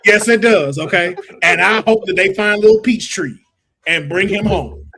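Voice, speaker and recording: A man co-hosting a casual wrestling watch-along, animated and joking as he riffs with friends. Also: high voice, slight background noise. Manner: animated, joking, quick to riff. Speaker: wrestling show co-host.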